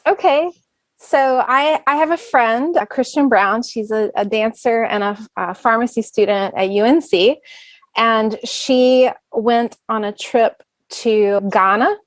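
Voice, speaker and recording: A woman's voice: a little high, a little slow, dry recording. A woman guest on a podcast telling a story in a chatty, rambling, casual way.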